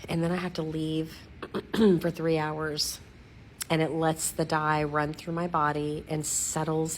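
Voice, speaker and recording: A middle-aged woman at home giving a casual, rambling video update, giggling at herself, digressing often and clearing her throat. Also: sits low, slight background noise. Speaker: vlogger updating followers. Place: at home, lying against her dog.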